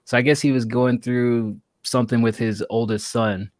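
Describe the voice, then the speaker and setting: A man's voice: mid-range voice, moderate pace, dry recording. Laughing man telling office stories, dry sound. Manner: animated, acts out quotes, laughs a lot. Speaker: podcast co-host. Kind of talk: casual storytelling chat.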